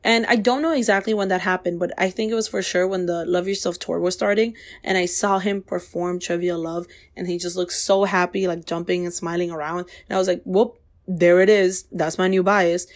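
A woman's voice: on the low side, fairly even intonation, fairly quick, hardly any pauses. Gushing young woman fan vlogging. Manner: gushing, effusive, repeats superlatives. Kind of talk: casual chat.

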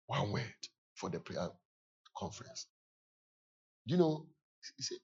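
A man with a husky, rough-edged voice preaches in a story-telling sermon, swinging between low, quiet asides and sudden loud shouts and laughs. The sound is dull and lo-fi, like an older recording. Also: sing-song, moderate pace, long pauses.

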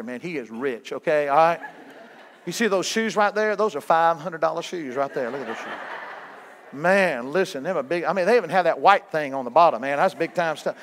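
Guy preaching, folksy, teases the crowd, kinda high voice. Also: animated, brisk, a bit bright, slight background noise. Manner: folksy, joking with the audience, calls on listeners. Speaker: evangelist guest speaker. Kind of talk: sermon.

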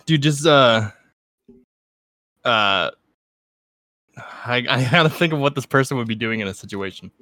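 A man's voice: mid-range voice, animated, a little slow, pauses often, no room sound. Laughing man trading goofy impressions. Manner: laughs often, swears casually, shouts bits. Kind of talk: casual comedic impressions banter.

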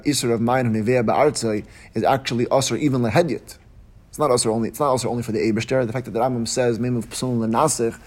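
A man giving a Talmudic lecture in a sing-song study cadence, his voice at an ordinary middle pitch. He talks fast, restarts his sentences, and pushes up high and loud whenever he reaches a key point. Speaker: Torah teacher.

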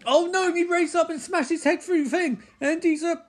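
A man giving sarcastic, casual running commentary on a film, swearing and getting excitable as he watches. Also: very high-pitched, moderate pace. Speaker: movie reaction commentator. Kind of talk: casual live movie commentary.

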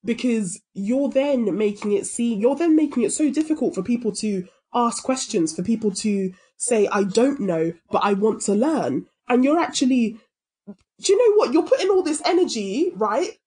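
Emphatic ranting British woman, husky. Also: on the high side, animated, moderate pace, warm tone. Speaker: podcast co-host. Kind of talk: casual chat.

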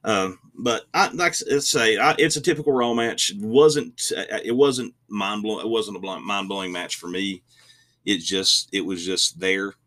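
A man talks wrestling in an easygoing podcast chat, his voice very low yet bright and forceful. He rambles and restarts his sentences, opinionated throughout. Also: moderate pace. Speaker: podcast co-host.

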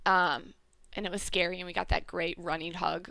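A woman co-hosting a casual chat, recapping a show in a lively storytelling way and acting out the characters' lines. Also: mid-range voice, moderate pace, clean tone, no room sound. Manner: animated storyteller, acts out characters in loud exaggerated voices. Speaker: podcast co-host recapping a TV episode.

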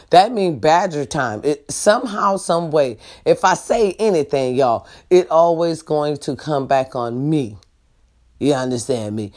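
A woman vlogger ranting to her viewers in a blunt, profane way, often asking if they understand her. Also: fairly low pitch. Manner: blunt, profane, keeps asking the audience for agreement. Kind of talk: casual rant to viewers.

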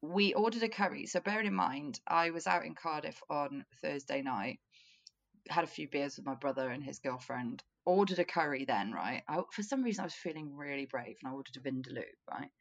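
Girl on a podcast, low voice that swoops around a lot, chatty and jokey about herself. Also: lively intonation, brisk, vocal fry. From Wales. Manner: chatty, self-mocking, laughs often. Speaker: podcast co-host. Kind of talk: casual chat.

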